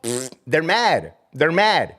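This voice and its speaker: A man's voice: on the high side, very animated, normal speed. A middle-aged man hosting a livestream, ranting about his former job with profanity and Spanish slang while answering chat. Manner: profane, fired-up, mocking, peppered with Spanish slang. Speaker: livestream host, former corrections officer. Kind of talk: heated livestream rant reading chat comments.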